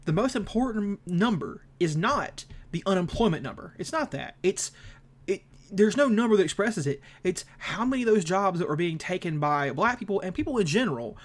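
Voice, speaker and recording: A man's voice: sits high, expressive, moderate pace. A man co-hosting an amateur podcast, ranting about politics in a heated, profane, casual way. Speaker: podcast co-host.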